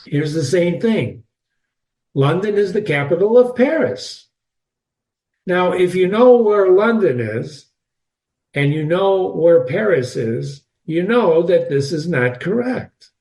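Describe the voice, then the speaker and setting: A man's voice: high-pitched, animated, slow, a little mellow. A man giving a reading lesson on a novel, talking straight to his listeners in a chatty, emphatic way. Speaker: literature teacher.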